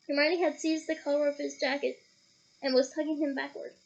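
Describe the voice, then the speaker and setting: A woman reading a novel aloud, lively, breaking off now and then for playful comments. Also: high-pitched, brisk, dull audio. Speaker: audiobook reader.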